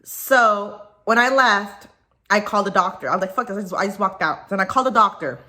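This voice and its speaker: A woman's voice: medium pitch, a little fast, sharp tone. A woman vlogging from home, venting in an upset, rambling way and swearing freely. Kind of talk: casual personal vlog, venting. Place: at home, dog nearby.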